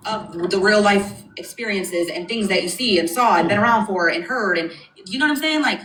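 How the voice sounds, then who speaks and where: A blunt, foul-mouthed woman speaking in casual chat, rolling her R's hard. Her voice is bright and forceful, and it rings out in an echoey room. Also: mid-range voice, a little fast, distant mic.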